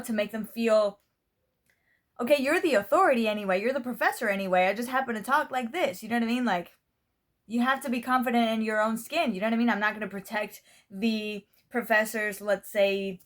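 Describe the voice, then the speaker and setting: A young woman from Spain, a native Spanish speaker, speaks English with an American-style accent. Her vlog talk to the camera is casual and meandering. She keeps looping back to "you know what I mean" and swears without a second thought. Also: on the high side. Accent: American-style English pronunciation. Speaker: vlogger.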